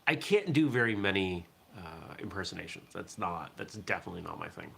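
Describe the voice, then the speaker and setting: A man's voice: low-pitched, animated, brisk, gravelly, a bit bright, breathy edge. A man from southern Maine hosting a casual morning live stream, chatting in a rambling way and reacting to viewer comments. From southern Maine, USA. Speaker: host of a martial arts morning show.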